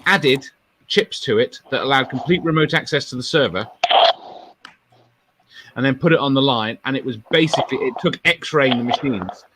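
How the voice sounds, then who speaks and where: A man's voice: medium pitch, normal speed, heavy background noise. A man on a casual video call, explaining things at length with many restarts. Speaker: guest. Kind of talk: casual livestream chat.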